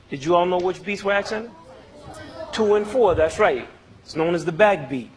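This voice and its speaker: A man's voice: sits high, moderate pace, slight background noise. A man teaching music to an audience in a playful, demonstrative way, joking and counting beats aloud. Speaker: music educator presenting to an audience. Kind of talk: playful lecture with spoken demonstrations. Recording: long reverb of a concert hall.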